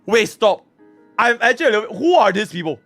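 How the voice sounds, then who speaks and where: A young man from Singapore streaming live, chatting casually with his viewers and swinging between low mumbles and excited shouts. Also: quick pace, no room sound, faint music behind. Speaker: livestreamer.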